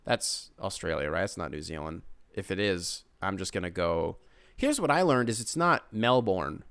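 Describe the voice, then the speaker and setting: A man's voice: low voice, expressive, normal speed, vocal fry, fairly bright tone, smooth, dry recording. A young American man hosting a sports podcast, talking casually in rambling, profane rants full of tangents. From United States. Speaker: podcast host.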